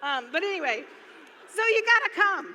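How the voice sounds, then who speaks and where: In a very high, sing-song voice that sounds pushed and bright, a middle-aged Michigan woman tells rambling stories at a moderate pace to a business-event crowd. She is chatty, laughs often, and keeps returning with "anyway." The clip comes from an echoey large hall with faint background noise.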